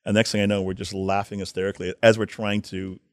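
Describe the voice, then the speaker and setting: Low-voiced man telling stories. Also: fast talker, no room sound, studio quality. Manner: animated storyteller, acts out shouted quotes. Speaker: hockey staff member telling stories. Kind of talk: casual anecdotal storytelling.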